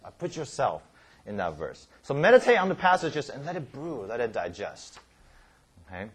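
With a lively, normal-speed delivery, a man runs a Bible study class, his voice rising and falling widely as he explains each point. His tone is a touch husky; he falters and restarts words, checking that everyone follows. He leans on repeated key words and regular "right?" and "okay?" check-ins.

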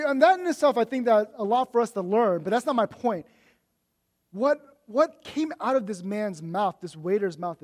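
Guy pastor telling a story in his sermon, chatty, lots of restarts, gets animated. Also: sits high. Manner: storytelling, full of restarts, animated when mocking his own complaints. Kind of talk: conversational sermon.

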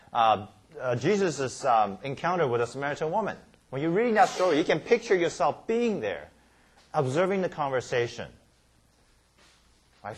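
A man leads a Bible study class, his pitch climbing and dipping a great deal as he walks through each step. He sounds slightly husky and trips over words, restarting them as he makes sure the group keeps up. He repeats key words and keeps asking "okay?" and "right?"

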